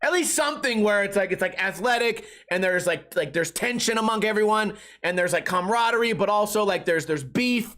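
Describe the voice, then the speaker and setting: A man's voice: sits high, expressive, brisk, hardly any pauses, fairly bright tone. A man in his thirties hosting a solo podcast, delivering a loose comedic rant. He swears freely and jumps into mocking voices of other people. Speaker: podcast host.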